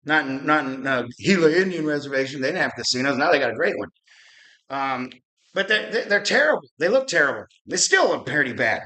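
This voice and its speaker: High bright ranting man. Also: sing-song, a little fast. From Arizona. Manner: ranting, profane, rambling with restarts. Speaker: podcast host. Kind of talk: fired-up political rant.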